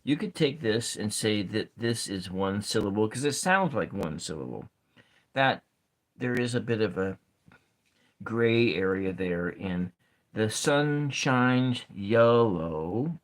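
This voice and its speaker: A man giving a soft-spoken ASMR lesson at his writing desk, thinking aloud as he counts syllables and spells out words. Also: on the low side, expressive, measured pace. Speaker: ASMR poetry teacher. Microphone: camera set over his desk.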